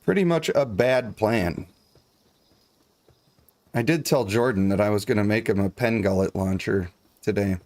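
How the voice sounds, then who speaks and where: A man's voice: fairly low pitch, unhurried, pauses often, a little mellow, no echo. A man streaming a video game, chatting in a jokey, rambling, playful way. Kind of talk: casual live game commentary.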